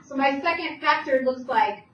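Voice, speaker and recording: A woman math teacher giving a classroom lecture, walking students through the steps with brisk questions. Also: high-pitched, muffled recording. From Italian heritage. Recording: echoey classroom, voice from far off, faint hum.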